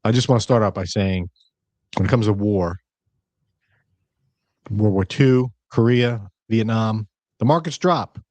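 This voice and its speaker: A man hosting a podcast as an investment advisor, chatting casually with jokes and quick asides. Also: lowish voice, a little mellow, no echo. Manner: jokey, talkative, rapid asides.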